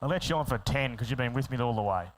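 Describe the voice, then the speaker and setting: Rapid-chanting auctioneer man. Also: mid-range voice, poor audio. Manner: rattling fast bid calls with quick asides to bidders. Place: sale ring.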